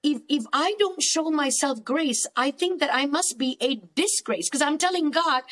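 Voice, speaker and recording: Woman therapist, high-pitched and emphatic, who acts out little dialogues as she talks faith and counselling. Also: expressive, moderate pace, hardly any pauses, fairly bright tone. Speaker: cognitive therapist, podcast guest. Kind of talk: faith-based counselling conversation.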